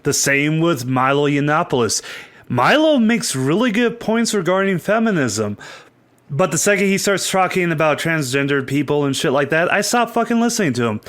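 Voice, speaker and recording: A man's voice: a little high, very animated, normal speed, fairly bright tone. Profane, rambling podcast co-host man. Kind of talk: casual chat.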